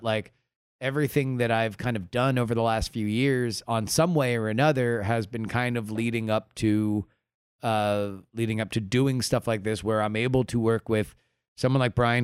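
Stammering humble man, smooth dry voice. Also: on the low side, no echo. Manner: stammering, humble, repeats words. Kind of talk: casual podcast chat.

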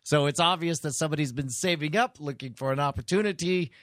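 A man's voice: on the high side, fast talker, fairly bright tone, no room sound, clean studio sound, natural voice. A man playing a bumbling, giggly sidekick detective who stammers and slips in crude jokes. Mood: scheming. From Wisconsin. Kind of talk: improvised comedy role-play.

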